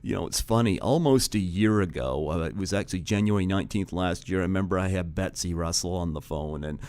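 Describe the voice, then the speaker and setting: A man's voice: deep voice, brisk, darkish tone. A man hosting a community radio interview show, speaking casually with fillers and a friendly tone. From Canada. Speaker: radio host.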